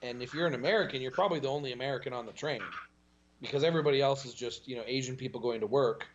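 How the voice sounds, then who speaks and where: A man talking as a podcast guest, in a casual, animated storytelling way. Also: rapid-fire, dull audio. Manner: animated storytelling with pitch jumps and laughs.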